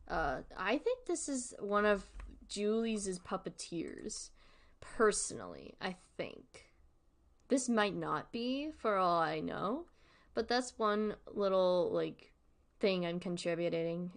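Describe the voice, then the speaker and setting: A woman streaming casual commentary, giggly and rambling, often correcting herself. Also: lowish voice. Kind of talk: casual commentary on a web series.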